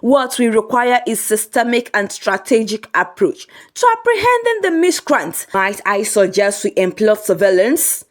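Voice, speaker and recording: Woman doing a pompous show-off gentleman. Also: medium pitch, very animated, normal speed, few pauses, close to an everyday voice. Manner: pompous, overly formal. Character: pompous man showing off refined English.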